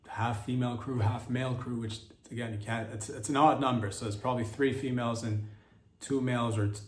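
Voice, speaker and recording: A man's voice: mid-range voice, fairly even intonation, a little fast. A man hosting a comedy podcast, riffing in a rambling, crude monologue packed with fillers and self-corrections. His voice sits mid-range, with a roomy echo around it. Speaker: podcast host.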